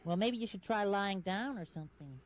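A man's voice: high voice, lively intonation, normal speed, noisy background. A man voicing a giant, friendly, innocent bird with a childlike, earnest voice, in 1970s children's TV puppet acting. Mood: sympathetic. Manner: wide-swinging, wondering, earnest voice.

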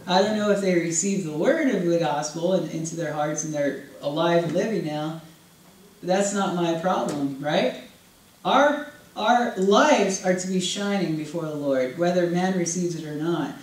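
A woman preaching a sermon to a congregation in a conversational, animated way, often acting out what people might say. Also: fairly low pitch. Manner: animated, acts out quoted voices, conversational with congregation. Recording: echoey room, voice from far off.

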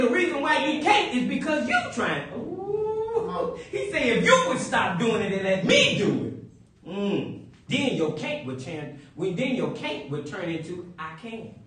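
A man preaching a sermon, animated and playful, breaking into high whoops and chuckles. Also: measured pace. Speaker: pastor. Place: church sanctuary. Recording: echoey church from a distant mic.

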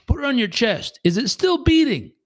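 A man voicing a wise old homeless man who gently challenges a stranger and preaches gratitude. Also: very high voice, big pitch swings, moderate pace, voice pushed up. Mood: earnest.

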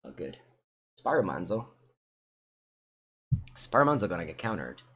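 A man with an Italian accent streaming a card game, thinking aloud in low mutters with sudden excited outbursts. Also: moderate pace, breathy edge. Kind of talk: live gameplay commentary.

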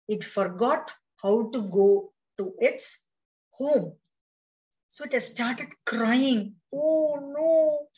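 Woman storyteller with an Indian English accent, children's read-along, very slow, slightly high voice. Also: distant mic, low-quality recording. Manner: slow, explaining each step to children.

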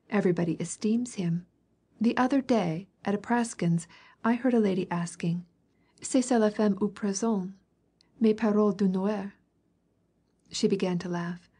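A woman voicing a fretful, capricious young princess who chatters and complains in a lively way. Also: mid-range voice, breathy edge, natural voice.

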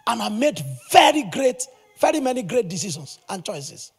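High-pitched gravelly preacher man. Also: normal speed. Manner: animated, emphatic preaching with sudden loud bursts. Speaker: pastor. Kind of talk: sermon.

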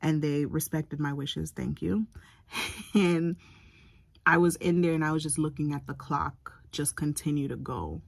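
A young woman talks straight to her audience in a low voice with a gravelly edge. Her telling is candid and emotional, pausing and restarting as she goes. The sound is close and dry, with no room around it. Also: no room sound. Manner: candid, emotional, halting recounting. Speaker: vlogger. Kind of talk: personal storytelling to camera.

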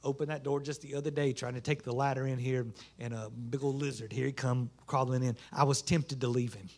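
A man's voice: medium pitch, flat delivery, a little fast, vocal fry, a little hiss or hum. Man preaching a folksy sermon. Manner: folksy Southern preaching, rising to fervent shouts. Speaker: pastor. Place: small church sanctuary.

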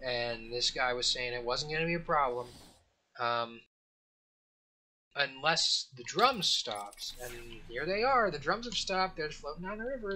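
Bright-voiced rambling gaming host. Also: male voice, medium pitch, expressive, unhurried. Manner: rambling, joking storyteller with fillers and restarts. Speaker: let's play host. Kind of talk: casual gameplay commentary.

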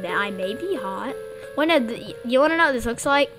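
A woman giving excitable, blunt, jokey gameplay commentary as the channel's gamer. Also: fairly high pitch, fairly quick, soft background music.

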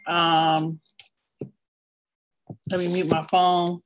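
A woman's voice: fairly low pitch, little pitch movement. Chatty young woman with a Southern accent. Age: young adult. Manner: quick and chatty, with many restarts and fillers. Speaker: visiting poet. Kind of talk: casual craft talk to an online audience. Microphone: video call.

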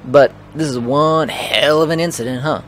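A man reading a gruff, teasing middle-aged male cop's lines while streaming a video game. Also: a little high, moderate pace, slight background noise, natural voice.

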